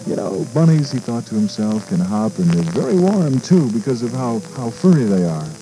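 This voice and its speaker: A man, a radio DJ, reading a storybook aloud in a gentle, unhurried way, with fillers and small asides. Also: medium pitch, sing-song, soft background music, poor audio.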